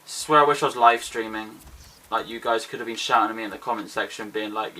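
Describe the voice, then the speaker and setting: Excitable young man commentating a game. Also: fairly low pitch, brisk, recorded from a distance. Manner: excitable, self-mocking, exclaims and groans at the game. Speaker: gaming YouTuber. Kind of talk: casual gameplay commentary.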